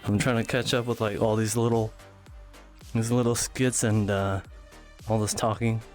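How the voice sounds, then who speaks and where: A young man livestreaming, dancing in VR while chatting to viewers, out of breath, giggly and animated. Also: on the low side, normal speed, faint music behind. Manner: chatty, giggly, animated, reads chat aloud. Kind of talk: casual live-stream chat.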